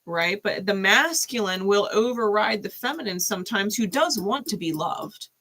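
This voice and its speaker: A woman with a bright, clear tone talks through a tarot reading on a live stream. She speaks casually and conversationally, checks in with "right?" and breaks into easy laughter. Her pitch sits in an ordinary middle range. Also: lively intonation, normal speed. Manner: casual, chatty, laughs often, frequent "right?". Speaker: tarot reader.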